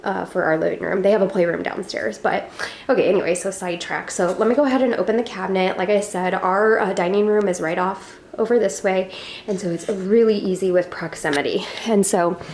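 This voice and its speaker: Her tone is darkish and her pitch medium as this young woman talks a little fast, showing off her living room on a home tour. She's a homeschooling mom vlogger, slightly out of breath, rambling casually with fillers and tangents, and a bit of background noise sits under her voice.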